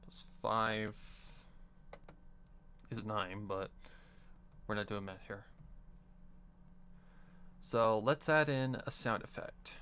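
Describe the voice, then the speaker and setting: A man's voice: on the low side, slow, long pauses, sharp tone, a little hiss or hum. A man on a live stream, casually muttering to himself as he edits audio. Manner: muttering to himself while working.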